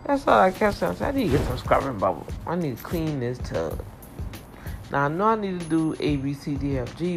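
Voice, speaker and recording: A middle-aged woman talking to her viewers in a chatty, emotional personal faith vlog. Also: low-pitched. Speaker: vlogger. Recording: praise music playing underneath. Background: praise music.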